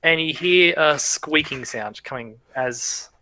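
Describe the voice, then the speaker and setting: A man's voice: a little high, slow pace, pushed and bright, slight background noise. A man narrating a tabletop game as game master, rambling and correcting himself as he goes.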